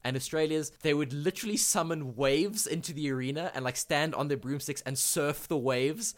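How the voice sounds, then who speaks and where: A young man co-hosting a gaming podcast, chatting casually in an excitable, rambling way with lots of fillers and restarts. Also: fairly high pitch, moderate pace. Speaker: podcast co-host. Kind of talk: casual chat.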